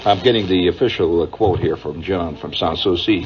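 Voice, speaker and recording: A man's voice: sits low, fairly quick, hardly any pauses. A middle-aged man with a Midwestern American accent, a radio host telling a wry, digressive monologue full of uhs. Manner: wry, digressive, chuckling storyteller with many uhs. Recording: dull lo-fi old radio broadcast with faint hiss.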